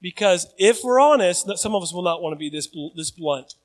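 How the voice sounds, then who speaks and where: A high-pitched man preaching to his congregation. He moves between relaxed, joking asides and loud, emphatic calls, leaning on the crowd with "right?". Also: a little fast. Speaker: pastor. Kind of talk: sermon.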